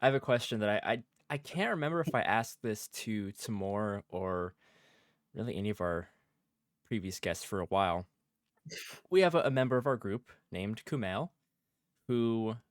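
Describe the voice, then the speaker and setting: A man's voice: lowish voice, big pitch swings, moderate pace, pauses often, dry recording, clean studio sound. A man hosting a podcast over a video call, asking a guest questions in a hesitant way and repeating words as he starts. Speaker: podcast host. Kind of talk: casual chat.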